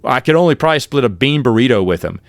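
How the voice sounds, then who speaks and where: A man's voice: mid-range voice, lively intonation, very fast, no room sound, studio quality. A middle-aged man hosting his own podcast, telling casual stories and often correcting himself mid-sentence. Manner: rambling, self-correcting, quotes others in shifted voices. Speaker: podcast host. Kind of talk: casual solo storytelling.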